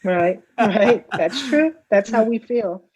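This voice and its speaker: This middle-aged woman from the Bronx, New York, has a fairly high, lively voice with a darkish tone, and she takes her time. A guest who is a customer, she tells stories in a chatty, casual way, tagging her lines with "right?". The audio comes over a video call and sounds dull and lo-fi.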